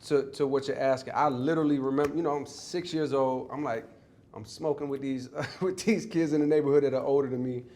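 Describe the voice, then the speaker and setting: A man spinning a personal story in an easy, conversational way. His delivery is loose and rambling, full of restarts and fillers, and he drops into other people's voices now and then. His pitch sits in an ordinary middle range. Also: steady tone, brisk, dark tone. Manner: acts out others' voices while telling a story. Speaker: interview guest. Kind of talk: casual storytelling.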